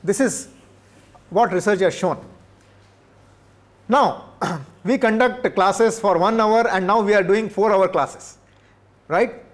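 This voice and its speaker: Speaking slowly with long pauses, this Indian professor has a high-pitched voice. He addresses a room of teachers, driving points home through repetition and rhetorical questions aimed at his listeners.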